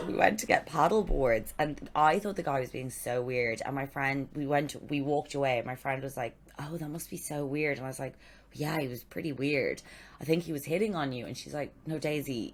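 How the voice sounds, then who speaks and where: A woman's voice: very deep voice, moderate pace, a little hiss or hum. A young Irish woman co-hosting a podcast, telling stories in casual chat and acting out the voices of the people she quotes. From Ireland. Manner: animated storytelling, acts out quoted voices. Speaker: podcast co-host.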